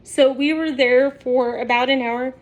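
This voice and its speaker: A woman's voice: sits high, fairly even intonation, a little slow. A woman vlogger telling a story to her viewers in a chatty way, often laughing as she talks. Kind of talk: casual storytelling to camera.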